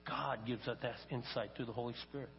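A man's voice: medium pitch, steady tone, fast, vocal fry. An older man preaching a sermon, telling stories and acting out quotes with rising emphasis. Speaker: pastor. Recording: long reverb, dull lo-fi sound, faint mains hum.

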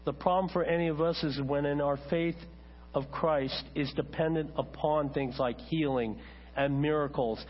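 A husky, slightly high-voiced pastor gives a conversational sermon, with asides to his congregation and a lively turn whenever he tells a story. The recording is dull and lo-fi, with a mains hum running underneath. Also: moderate pace. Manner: conversational preaching with asides to the congregation, animated when telling stories.

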